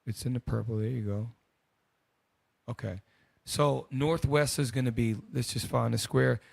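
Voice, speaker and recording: A man's voice: medium pitch, fairly even intonation, moderate pace, vocal fry, no room sound, clean studio sound. A man hosting a group discussion, commenting bluntly and casually on news clips. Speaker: host.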